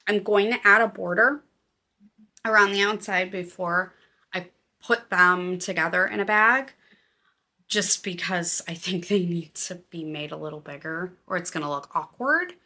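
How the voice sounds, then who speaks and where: A woman hosting a casual knitting and crafts podcast, chatty and excitable with a self-deprecating manner. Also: lowish voice, measured pace. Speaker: podcast host. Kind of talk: casual chat.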